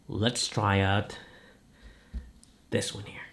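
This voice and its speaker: Speaking very slowly in a lowish, level, slightly bright voice, this Filipino vlogger with a Bisaya accent tests microphones indoors. His unscripted chatter is loaded with fillers, and the echoey room carries slight background noise and mic changes.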